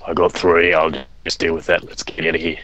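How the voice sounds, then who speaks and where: A young man doing a cheery, easygoing Australian bloke who tacks "mate" and "eh" onto everything. The voice is fairly low but bright and forward. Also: monotone, fairly quick. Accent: put-on Australian. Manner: easygoing, ends lines with mate and eh. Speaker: gamer. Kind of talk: joking gameplay chat in character.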